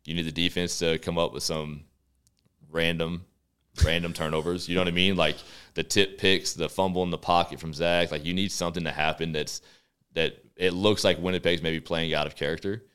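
A man from Texas with a very deep voice speaks in a relaxed, rambling way as a radio guest. His tone is smooth and resonant, with plenty of fillers as he thinks aloud. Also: a little fast. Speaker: football quarterback guest. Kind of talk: casual radio interview chat. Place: radio studio.

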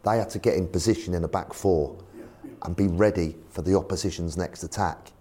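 Speaking a little fast in a low, slightly rough voice, a man who once managed football teams shares stories in an interview. He's a lively storyteller who performs the voices of the characters in them.

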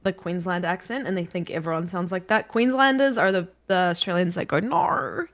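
A woman's voice: fairly low pitch, steady tone, brisk. A young woman from New Zealand with a New Zealand accent, chatting casually and playfully as a guest on a podcast. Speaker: guest streamer.

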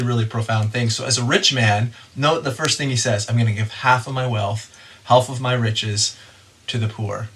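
A man's voice: mid-range voice, pushed and bright. Man preaching a conversational sermon. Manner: conversational, acts out voices of story figures. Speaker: pastor.

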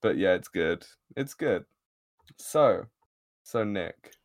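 A man's voice: sits low, lively intonation, takes it slowly. A man in casual podcast chat, recapping an episode with frequent laughs, filler words and swearing. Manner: giggly, rambling, swears freely.

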